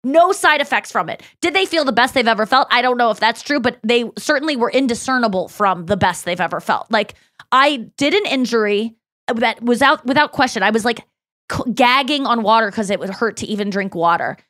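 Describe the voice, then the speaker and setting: A woman's voice: on the high side, expressive, brisk, a bit bright, no room sound, clean studio sound. A woman hosting a podcast in casual chat, rambling with lots of "like" and acting out her own thoughts. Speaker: podcast host.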